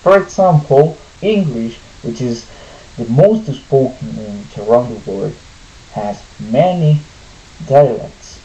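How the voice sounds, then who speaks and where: A speaker with a Colombian Spanish accent, a native Spanish speaker, giving a slow, careful class presentation. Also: medium pitch, lively intonation, dark tone, echoey room, muffled recording. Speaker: student presenter.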